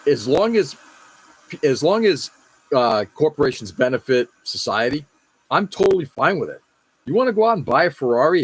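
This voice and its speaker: A man from the United States hosting a live show, venting in a frustrated, blunt and profane way, often restarting his sentences. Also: medium pitch. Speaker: podcast host. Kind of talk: casual political rant on a live show.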